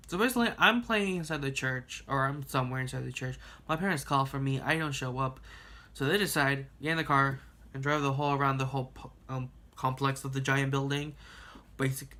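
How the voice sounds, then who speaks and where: A young man tells a story straight to camera in an easy, rambling way. He laughs often and swears freely, with a voice pitched in the middle for a man. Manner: rambling and animated, laughing and cursing at his own story. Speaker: vlogger. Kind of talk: casual storytime vlog.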